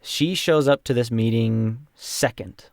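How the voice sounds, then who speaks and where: A man's voice: medium pitch, slow pace, a little mellow, no room sound, studio quality. A young man co-hosting a casual podcast, recapping a tabletop campaign in a rambling way with many fillers. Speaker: podcast co-host and player.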